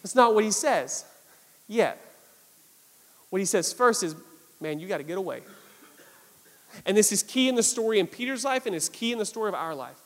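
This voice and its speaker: A male pastor preaching a sermon, animated, with lots of repetition for emphasis. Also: high-pitched, brisk, in a large hall.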